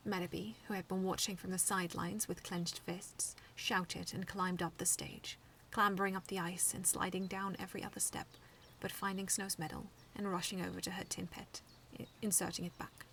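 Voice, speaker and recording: Female author narrating her own story; hushed and gravelly, distant mic, faint background noise. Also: on the low side, flat delivery, normal speed, few pauses. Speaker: fan fiction author reading aloud. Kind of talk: first-person story reading.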